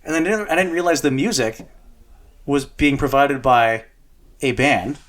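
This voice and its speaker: A man's voice: medium pitch, moderate pace, fairly bright tone. A man co-hosting a car podcast, chatting casually with lots of fillers and a self-deprecating humor. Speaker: podcast co-host.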